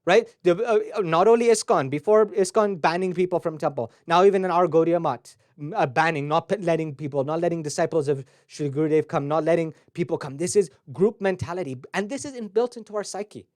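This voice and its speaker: A man's voice: fairly high pitch, fairly quick, few pauses, darkish tone, no echo, studio quality. A man teaching on a webcast, telling stories and acting out quoted voices in a devotional talk. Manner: storytelling, acts out quoted voices. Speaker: spiritual teacher. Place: recorded for a webcast.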